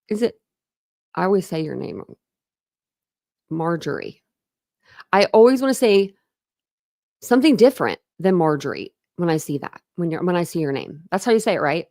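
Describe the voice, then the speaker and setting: A woman's voice: mid-range voice, lively intonation, unhurried, pauses often, a little mellow. A woman at home, chatting casually on her livestream, rambling from one thought to the next and laughing often. Her voice sits mid-range and sounds close and dry, with no room echo. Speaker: true crime livestream host. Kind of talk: casual livestream chat greeting viewers.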